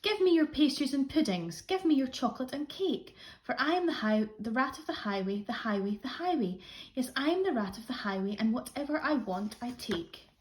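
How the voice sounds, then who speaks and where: A woman voicing a greedy, boastful male rat highwayman in a children's story, chanting his demands. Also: lively intonation, fairly quick. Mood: greedy boasting. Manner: blustering, demanding sing-song chant.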